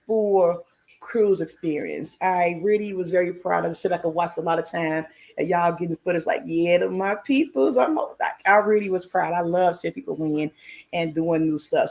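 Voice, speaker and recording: A woman's voice: low voice, a little mellow. Chatty, frank woman hosting a live stream. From United States. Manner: chatty, frank, laughs often, greets chatters by name. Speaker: cruise vlogger hosting a live chat. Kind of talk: casual live-stream chat.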